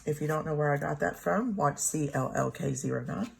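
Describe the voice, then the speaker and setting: A woman's voice: low voice, fairly quick, vocal fry, noisy background. A middle-aged woman, rambling through a personal story and laughing often as she decorates her planner. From Texas. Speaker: planner vlogger.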